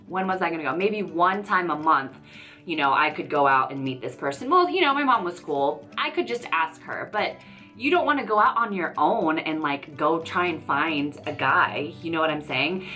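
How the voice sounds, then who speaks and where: Bright, chatty woman in her thirties vlogging from her office, rambling and heartfelt, faint music underneath. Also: on the low side. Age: 30s. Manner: chatty, rambling and emotional, often saying "you know". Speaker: YouTuber. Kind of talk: casual chat to camera. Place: tenth-floor office.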